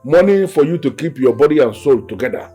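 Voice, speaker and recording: A man's voice: medium pitch, lively intonation, a little fast, warm tone, husky, faint music behind. An actor playing a stern older father who lectures and scolds, with a Nigerian accent.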